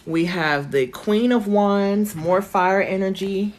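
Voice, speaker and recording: A woman giving a live-stream tarot reading from her phone, chatty and reassuring, thinking aloud with lots of fillers, her voice going hoarse. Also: mid-range voice, slow pace, a little hiss or hum. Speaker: tarot reader.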